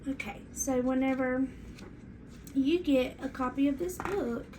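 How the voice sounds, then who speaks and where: Woman, teacher, high voice, unhurried sing-song lesson talk, faint background hiss. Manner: slow, clear, sing-song teacher talk to young children. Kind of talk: read-aloud and classroom lesson.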